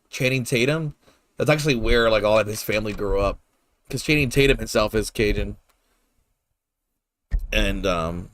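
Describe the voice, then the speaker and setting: A man's voice: mid-range voice, fairly bright tone. A man casually commenting while playing a video game, rambling and laid-back with lots of fillers and the odd swear word. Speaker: gameplay streamer.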